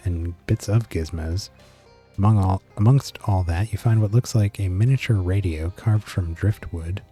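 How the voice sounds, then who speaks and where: A man streaming a game, narrating it with dry, deadpan, wry asides. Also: low-pitched.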